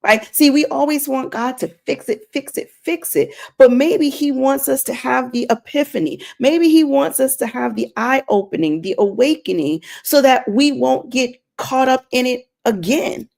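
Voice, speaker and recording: A woman talks straight to her viewers in a faith-based live stream, earnest and a little preachy. She keeps circling back to her point and repeats it for weight. Her voice sits fairly high with a gravelly, creaky edge. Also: animated, normal speed, hardly any pauses, a little mellow. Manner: addresses viewers directly. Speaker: inspirational streamer.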